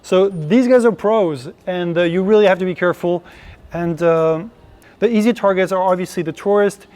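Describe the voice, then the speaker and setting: A man's voice: sits high, normal speed, a little mellow. A man hosting a casual chat, talking loosely with fillers and giving friendly warnings. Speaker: host.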